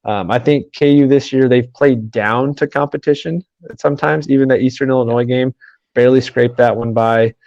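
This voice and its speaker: A man hosting a sports podcast, talking quickly in run-on sentences with many fillers. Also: mid-range voice, steady tone, darkish tone, no room sound, highs cut off. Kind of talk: casual sports podcast chat.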